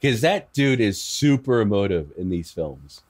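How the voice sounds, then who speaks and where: A man's voice: lowish voice, big pitch swings, a little slow, darkish tone, husky. A man who is a guest on a podcast, talking casually in a chatty way with stammering restarts.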